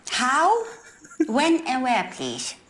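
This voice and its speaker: A woman's voice: high-pitched, wildly swooping pitch, extremely slow, background noise, exaggerated voice. A woman playing a naive, bubbly female interviewer from Japan in a comic TV sketch, speaking broken English and willfully misunderstanding her guest. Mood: deadpan.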